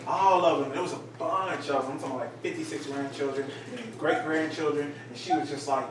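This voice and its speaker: A man tells a story to a small group in a bright, animated voice, and his quoted lines jump up. He sounds distant, with heavy room echo. A steady background noise runs under him. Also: on the high side, moderate pace. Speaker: teacher leading a group study. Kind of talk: casual group teaching. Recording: echoey room from far off, noisy.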